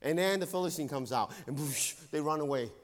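A male pastor preaching a sermon with earnest emphasis, dropping to hushed tones and rising again. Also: fairly quick. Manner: earnest, swings between loud emphasis and hushed low tones. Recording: long hall reverb.

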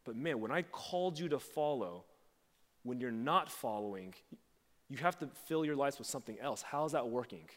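A man's voice: animated, normal speed, fairly bright tone. Man preaching in a reverberant hall. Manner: conversational preaching, acts out quoted lines with big pitch jumps. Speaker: pastor. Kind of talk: sermon.

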